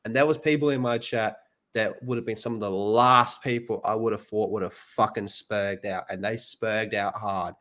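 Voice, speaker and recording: A man's voice: on the low side, steady tone, moderate pace, fairly bright tone. A man hosting a casual podcast chat, blunt and laid-back, swearing freely. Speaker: podcast host and streamer.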